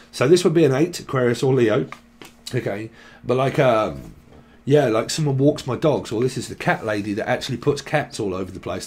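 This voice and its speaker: A man's voice: mid-range voice, a little mellow. A man giving a loose, free-associating tarot reading, jumping between names and words and joking as he goes. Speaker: tarot reader. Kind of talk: rambling channeled tarot reading.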